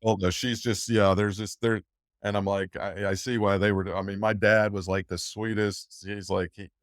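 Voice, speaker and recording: A man's voice: fairly low pitch, flat delivery, normal speed, no room sound, studio quality. An older man, a guest in an interview, talking emotionally and at length with frequent laughter and restarts. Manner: emotional, rambling, laughs often. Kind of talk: conversational interview.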